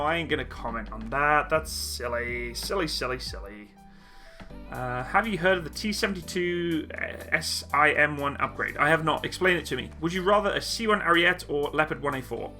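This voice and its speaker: A man's voice: fairly high pitch, sharp tone. A man hosting a live-stream Q&A. He reads viewers' chat questions aloud and answers each in a casual, joking, self-mocking way. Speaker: military video channel host.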